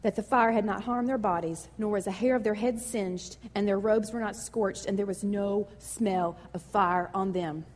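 A woman pastor preaching a sermon in a lively, conversational and emotional way. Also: medium pitch, moderate pace, hardly any pauses, in a large hall.

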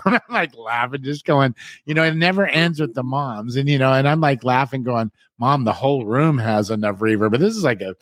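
Male host, middle pitch, chatty and rambling, dry studio mic. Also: fairly quick, fairly bright tone, no room sound. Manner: rambling storyteller, keeps saying "man" and "you know". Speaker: show host. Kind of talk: casual talk show chat.

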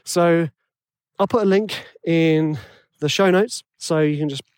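A man's voice: on the high side, measured pace, smooth, no echo. A man with a tenor voice hosting a podcast, rambling and self-deprecating in casual chat full of fillers. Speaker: podcast host.

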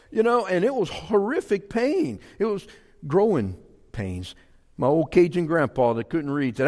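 A man's voice: high-pitched, very animated, normal speed, darkish tone, in a large hall. A man preaching a sermon in a folksy, emphatic way, repeating his key phrases. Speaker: pastor.

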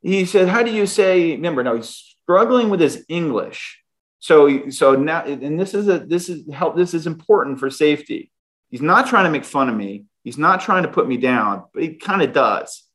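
A man's voice: a little high, animated, moderate pace, a bit bright. A middle-aged man, a guest, animatedly telling a personal story and often restarting his sentences. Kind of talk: storytelling in an interview.

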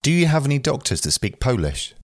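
A man reading short phrases aloud for language learners, slow and careful, one at a time. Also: mid-range voice, very animated, dry recording, clean studio sound. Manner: slow, careful, evenly paced phrase delivery. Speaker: phrasebook reader.

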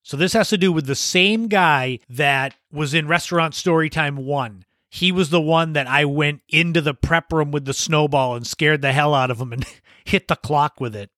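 Podcast host, male, raised pitch, laid-back anecdotal delivery with laughs, dead-dry sound. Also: normal speed, bright, forceful tone, dry recording. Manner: laughs while telling anecdotes. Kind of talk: casual storytelling monologue.

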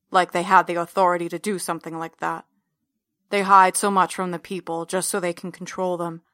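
A brooding, heavyset older man speaks low and close, as if confessing, as a woman narrating a storybook puts him on. His tone is bright and dry, with little rise or fall. He keeps his voice quiet and measured. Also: no room sound. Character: big older man, brooding cult believer and captor.

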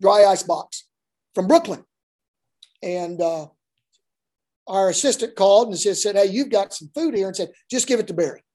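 A man's voice: sits high, expressive, a little slow, pauses often, mellow. A man, a basketball coach, telling rambling, folksy stories in a casual interview with many restarts. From Oklahoma.

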